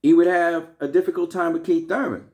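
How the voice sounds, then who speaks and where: A man's voice: a little high, fairly even intonation, fairly quick, a little mellow. Blunt, heated man ranting to viewers. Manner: blunt, heated, profane, addresses viewers directly. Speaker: boxing commentary vlogger. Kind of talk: casual opinionated commentary.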